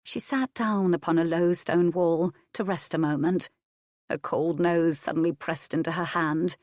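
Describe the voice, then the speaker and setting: A woman with a low voice reads a historical romance as scripted audiobook narration, keeping a measured, steady delivery. The recording is dry, with no room sound.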